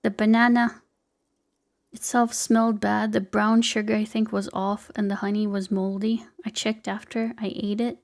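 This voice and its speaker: A woman's voice: mid-range voice, little pitch movement, normal speed, gravelly, a little mellow. A young woman streaming a game live, chatting playfully with viewers and swearing casually.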